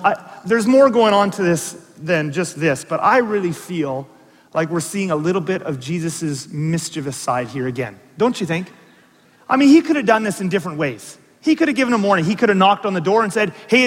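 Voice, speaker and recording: In a large hall, a man with a high-sitting voice preaches as pastor. His storytelling is animated, mixing in asides and questions aimed at the congregation.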